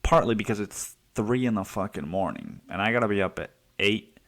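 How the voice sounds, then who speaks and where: A man talks through a solo podcast episode in a loose, rambling monologue. He swears constantly and restarts his sentences. His voice sits on the low side. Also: brisk, fairly bright tone. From United States. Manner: rambling, profane, self-interrupting. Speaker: podcast host.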